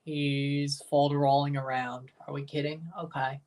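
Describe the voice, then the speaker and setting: A man's voice: on the high side, normal speed, pauses often, far from the mic. A man hosting a livestream, giving casual, offhand reaction commentary with muttered asides and casual swearing. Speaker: livestream host.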